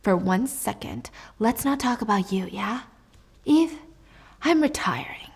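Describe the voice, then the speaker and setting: A woman voicing a smug, corrupt middle-aged male police chief who speaks softly. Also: medium pitch, expressive, a little slow, gravelly, breathy edge, full character voice.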